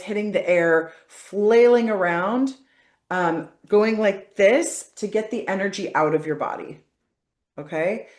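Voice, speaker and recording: A woman facilitating a guided body-work session, coaching calmly and often checking in with "okay?". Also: lowish voice, roomy sound.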